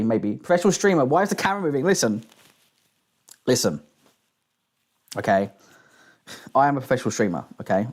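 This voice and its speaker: A man's voice: fairly high pitch, darkish tone. A man streaming live, chatting casually and swearing while reading chat aloud. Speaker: streamer reacting to clips.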